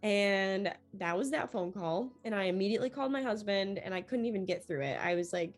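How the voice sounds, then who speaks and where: A young woman, a newly accepted medical student, tells her story in an interview in an animated way, acting out the dialogue she quotes. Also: medium pitch, fairly quick, faint music behind.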